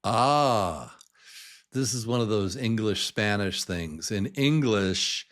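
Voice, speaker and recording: A man teaching English, slowly repeating words and stressing their syllables. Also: on the low side, expressive, fairly bright tone. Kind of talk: slow pronunciation drill. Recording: noisy background hiss.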